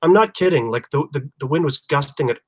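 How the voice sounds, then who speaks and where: A man's voice: on the high side, a little fast, husky. A man from Canada, hosting a live stream and recalling a motorcycle trip with hesitant, stumbling phrasing. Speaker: host, motorcycle traveller. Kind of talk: live-streamed casual storytelling. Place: home during quarantine.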